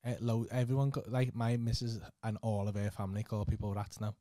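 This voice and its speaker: A man's voice: lowish voice, steady tone, a little fast, warm tone, no echo, studio quality. A man with a Scouse accent hosting a podcast, chatting casually, teasing his guest, laughing and swearing freely. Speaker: podcast host. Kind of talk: casual chat.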